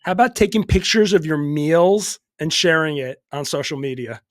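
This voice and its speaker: A man's voice: a little high, animated, moderate pace, dry recording, studio quality. A man hosting a podcast in a casual chat, upbeat, asking questions and laughing easily. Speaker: podcast host.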